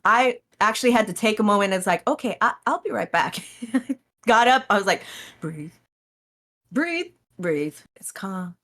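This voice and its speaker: A woman guest on a podcast, telling stories about streaming in a casual, animated way, acting out her own reactions and laughing often. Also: medium pitch, a little fast. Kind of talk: casual interview chat.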